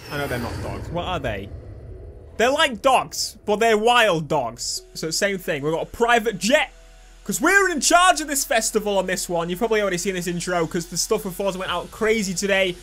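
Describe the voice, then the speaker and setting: A young man giving excitable, jokey commentary over his own racing-game play. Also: high voice, fairly quick, faint music behind. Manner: excitable, chatty, jokey, talks back to the game. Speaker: gaming video host.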